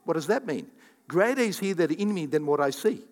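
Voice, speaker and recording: Pastor, male, high-pitched, animated preaching in a reverberant church hall. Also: fairly quick. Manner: animated, acts out quoted voices, repeats for emphasis. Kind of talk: sermon.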